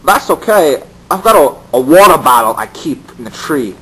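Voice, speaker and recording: Man doing a high-voiced, sly storybook squirrel, bouncy and crude. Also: big pitch swings, normal speed, a bit bright, slightly rough, full character voice, low-quality recording. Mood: cheery. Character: chatty male squirrel, cheerful and crude. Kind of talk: storybook reading for kids.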